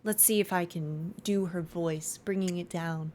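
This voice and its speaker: A woman's voice: fairly low pitch, fairly even intonation, a little slow, darkish tone, a little hiss or hum. A young woman streaming a game, chatting casually and reading menu text aloud. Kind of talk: casual live-stream commentary.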